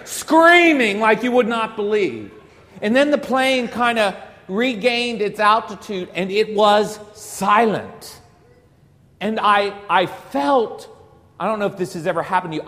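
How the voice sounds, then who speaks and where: A man's voice: sits high, a bit bright. A man who is a Catholic priest preaching a sermon, emphatic and rhetorical with bits of humor. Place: church. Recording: reverberant church hall.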